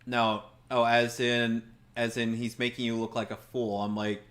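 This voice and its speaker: A man's voice: medium pitch, monotone, normal speed, a bit bright. A man doing casual let's-play commentary, joking wryly and sarcastically while he plays. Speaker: gameplay commentator.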